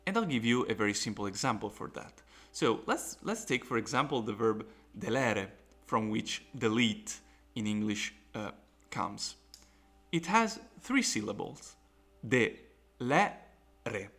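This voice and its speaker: A man's voice: medium pitch, big pitch swings, moderate pace, fairly bright tone, soft background music. A man teaching a recorded lecture on pronunciation, explaining carefully with fillers and restarts. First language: Italian. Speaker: Latin teacher.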